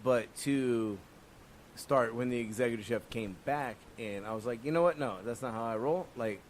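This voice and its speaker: A man who works as a chef, co-hosting a casual podcast, cracking dry jokes and then telling a calmer story of his own. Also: mid-range voice, moderate pace, a little hiss or hum. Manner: dry joking interjections, quieter when narrating.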